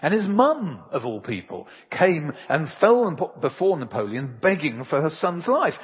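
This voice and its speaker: A man's voice: on the high side, very animated, moderate pace, breathy edge. A man preaching an earnest, emphatic sermon and telling homely anecdotes, recorded in a church. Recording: reverberant hall, dull lo-fi sound.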